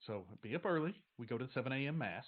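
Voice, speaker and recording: A man voicing a brisk, kindly churchgoing mother in a tabletop game, practical and coaxing. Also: mid-range voice, lively intonation, slightly rough, highs cut off.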